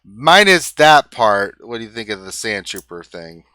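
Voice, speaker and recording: A man hosting a live gaming question-and-answer show, reading viewer questions in a brisk way and laughing easily. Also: lowish voice, very animated, bright, forceful tone, clear, resonant tone, no echo. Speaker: host.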